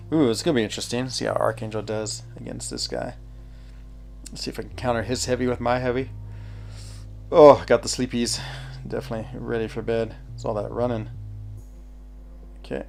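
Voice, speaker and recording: A man with a mid-range, gravelly, somewhat mellow voice chats casually while streaming a mobile game live. He thinks aloud, answers chat, and laughs easily as he plays.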